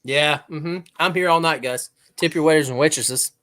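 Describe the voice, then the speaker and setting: A man's voice: on the high side, moderate pace, a bit bright. A man co-hosting a casual podcast, teasing and joking in playful patter about beers and Navy life. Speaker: podcast co-host; Navy veteran.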